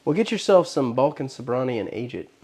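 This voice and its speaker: A man's voice: medium pitch, sing-song, quick pace, dark tone, husky. A man co-hosting a casual podcast, teasing his partner with dry banter. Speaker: podcast co-host. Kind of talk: casual chat.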